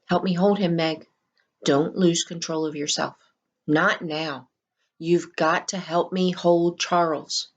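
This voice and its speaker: A woman reads the part of an athletic teenage boy, steady and determined. He speaks low and urgently, with a dry wry touch. His voice sits a little low. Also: takes it slowly, dull audio. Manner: hushed, urging, wry.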